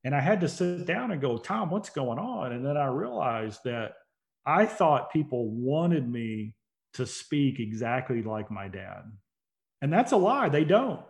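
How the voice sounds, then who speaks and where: This interview guest, a company CEO who also works as a motivational speaker, has a gravelly mid-range voice with big swings in pitch. He takes his time, relating stories with earnest conviction and building to forceful points in a relaxed, chatty exchange.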